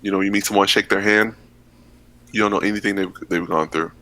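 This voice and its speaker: A man hosting a podcast, talking casually and relaxed, with many fillers. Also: on the low side, rough recording. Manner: relaxed, filler-heavy, quick backchannels. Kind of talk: casual conversation.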